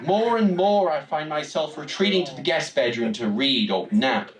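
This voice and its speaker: A young Geordie man from Newcastle, England, tells a wry, comic story live on stage in a small venue, his voice a little high and his pace moderate. The recording is roomy with a distant mic, background noise, and an audience audible.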